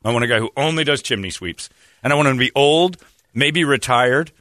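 Bright-voiced joking radio host. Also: male voice, mid-range voice, brisk, dry recording, studio quality. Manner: joking, rambling. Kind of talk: casual chat.

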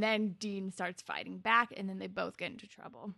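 A woman's voice: mid-range voice, moderate pace, creaky, few pauses, fairly bright tone, dry recording, clean studio sound. A woman co-hosting a podcast, retelling a TV episode in a rambling, casual way full of "like". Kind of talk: casual TV recap chat.

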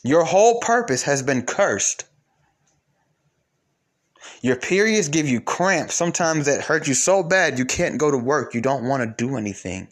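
A man giving a preachy monologue to his viewers, emphatic, swinging between loud and low. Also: lively intonation, unhurried.

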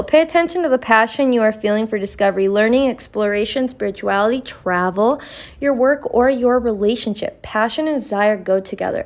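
A young woman giving a casual tarot reading on her podcast, talking in a blunt, profane and encouraging way. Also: fairly high pitch. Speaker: tarot reader.

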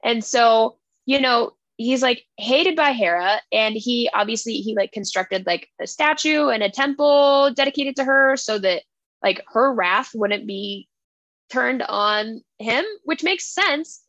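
Young woman podcast cohost, kinda high voice, dry mic, bouncy storytelling. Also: a little slow, no echo, dull audio. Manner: animated retelling with playful quoted voices. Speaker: podcast co-host. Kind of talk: casual book chat.

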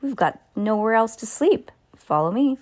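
A woman reading aloud and voicing a bossy father who gives brisk orders in a children's story. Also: on the high side, expressive, darkish tone, pitched above the performer's own voice, lightly acted. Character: bossy father turned bird, in charge.

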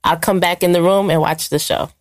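A woman's voice: on the low side, steady tone, fairly quick, no echo, clean studio sound. A woman co-hosting a podcast, chatting casually in an easygoing way and pushing back on her partner. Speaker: podcast co-host. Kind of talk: casual chat.

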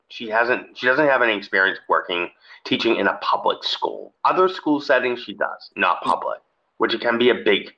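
Lively laughing man telling a story. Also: muffled recording. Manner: animated, laughs often, rising into high excited bursts. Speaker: podcast co-host. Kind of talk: casual storytelling chat.

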